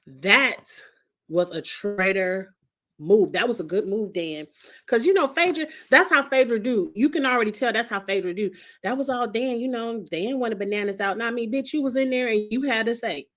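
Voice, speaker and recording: A woman's voice: mid-range voice, normal speed. A woman recapping a reality TV show in a casual vlog, chatty and slangy, cursing freely and talking straight to her viewers. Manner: animated, talks straight to viewers. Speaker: reality TV reviewer.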